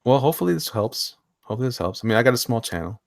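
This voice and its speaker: A man's voice: medium pitch, expressive, racing, gravelly, no echo, clean studio sound. A man hosting a casual live stream, jokey and chatty, reading viewer comments aloud and laughing often. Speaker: host.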